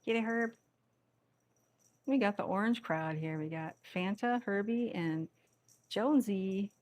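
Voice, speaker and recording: A woman with a medium-pitched, darkish voice speaks a little slowly while filming her rescue cats on a tripod camera in an indoor room. A cat rescue vlogger, she talks casually to them during play, teasing playfully and laughing often.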